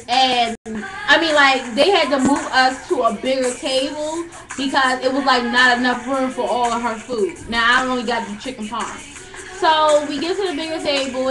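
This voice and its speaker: Animated high-voiced woman telling stories. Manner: animated, profane, laughs often. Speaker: co-host telling a story. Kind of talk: casual storytelling chat.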